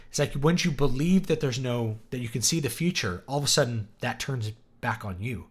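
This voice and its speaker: A man's voice: medium pitch, lively intonation, brisk, few pauses, husky. A man from East Texas, an author hosting a casual livestream, chatting enthusiastically and answering viewer questions in loose rambling asides. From East Texas, USA.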